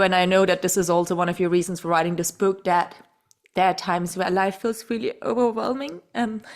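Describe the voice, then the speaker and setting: A woman hosting a podcast, effusive and rambling, full of fillers and warm praise. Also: mid-range voice. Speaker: podcast host. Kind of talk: emotional casual chat.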